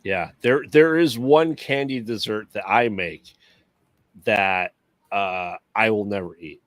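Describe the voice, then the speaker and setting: A man co-hosting a podcast, chatting casually and explaining things in a relaxed, easygoing way. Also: on the low side, slow, no room sound. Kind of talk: casual chat.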